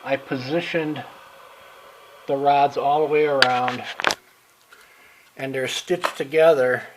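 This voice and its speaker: Brief: older man vlogging from his home workshop, slightly winded, easygoing and halting, faint background noise. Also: medium pitch. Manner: relaxed, halting with frequent fillers. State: a little out of breath. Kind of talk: casual workshop show-and-tell.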